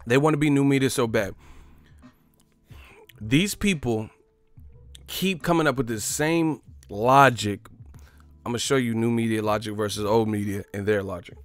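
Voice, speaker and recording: A man's voice: on the low side, a bit bright, dry recording. A man hosting a boxing livestream, cursing, joking and laughing often in casual banter.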